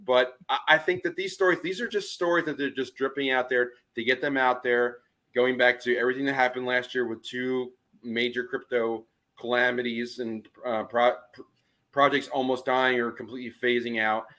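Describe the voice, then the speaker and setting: A man's voice: mid-range voice, little pitch movement, normal speed, pushed and bright. A man co-hosting a podcast, speaking casually in a skeptical, speculative way. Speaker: podcast co-host.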